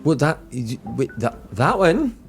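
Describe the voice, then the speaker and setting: A jittery castle guard with a high, stammering voice, as a game master puts him on. He is easily flustered and swayed, and his voice jumps around as he talks in a tabletop game. Faint music plays behind him. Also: big pitch swings, measured pace. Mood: startled.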